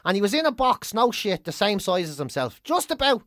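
An Irish woman hosting a podcast, chatting casually, animated and swearing freely. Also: medium pitch, brisk, dry recording, studio quality. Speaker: podcast host. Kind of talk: casual chat.

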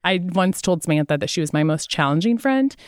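A woman's voice: fairly low pitch, expressive, brisk, clear, resonant tone, no room sound, clean studio sound. A woman co-hosting a casual faith podcast, talking earnestly and at length, retelling Bible stories with quoted lines. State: out of breath. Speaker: podcast co-host.

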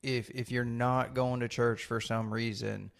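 Gravelly-voiced man musing on faith. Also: medium pitch, little pitch movement, a little slow. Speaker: co-host. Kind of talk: casual faith podcast chat.

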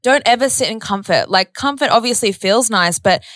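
A woman's voice: a little high, moderate pace, fairly bright tone, dry recording, clean studio sound. A woman, co-hosting a podcast in casual, upbeat chat that mixes in some swearing. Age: 20s. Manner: chatty, upbeat, sprinkles in swearing. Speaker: podcast co-host.

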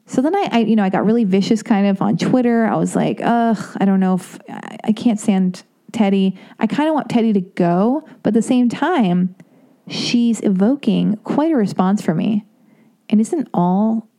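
Her voice is medium-pitched with vocal fry, and she's a woman in her thirties. She delivers a loose, rambling monologue full of animation, breaking off, stuttering, and restarting as she gets worked up. Quotes from others come out in acted voices.

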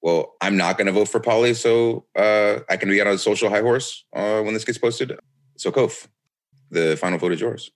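A man co-hosting a podcast in casual chat, teasing and firing off quick questions. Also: on the low side. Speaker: podcast co-host.

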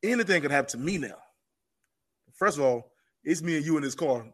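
Animated man telling a story. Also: a little high, fairly quick. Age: adult with children. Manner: animated, repeats phrases for emphasis. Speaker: podcast guest. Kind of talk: casual storytelling.

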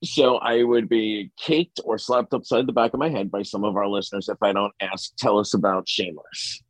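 A man's voice: on the low side, steady tone, moderate pace, no echo, low-quality recording. A man hosting an interview podcast, asking questions in a casual, joking way. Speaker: podcast host.

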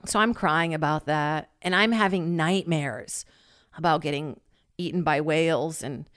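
Woman guest, lower voice, close dry sound, rambling story full of "like" and loud quoted asides. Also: unhurried, no echo. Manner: animated, swears freely, acts out quoted lines loudly; heavy use of filler "like". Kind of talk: casual storytelling.

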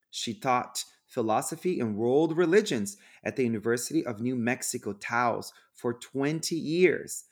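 A man hosting a spiritual podcast, speaking in an earnest, effusive way with frequent restarts. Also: mid-range voice. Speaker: podcast host. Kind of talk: warm spiritual podcast chat.

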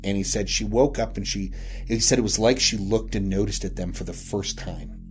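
A podcast host from Wyoming tells a ghost story in an easy, conversational way, going through the account piece by piece. His voice sits a little low, and soft music plays quietly under his words. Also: moderate pace. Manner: earnest, retelling secondhand accounts step by step. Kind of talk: casual ghost-story telling.

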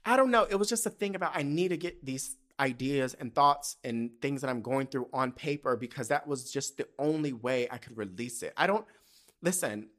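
A man's voice: medium pitch, normal speed, fairly bright tone. Candid, profane young man storytelling. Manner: candid, profane, emotional, often tearful and laughing. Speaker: podcast host. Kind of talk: casual solo podcast storytelling.

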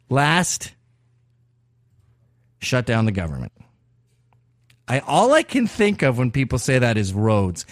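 A man's voice: a little high, dry recording. A man hosting a podcast, delivering a profane, provocative and sarcastic opinion monologue into a close mic. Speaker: podcast host.

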